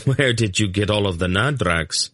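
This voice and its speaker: An earnest young commander talks in short, direct questions, as a man puts him on. The voice stays low and plain, recorded close and dry. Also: expressive, moderate pace, fairly bright tone, dry recording. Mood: relieved. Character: young man leading a battle, earnest and unsure.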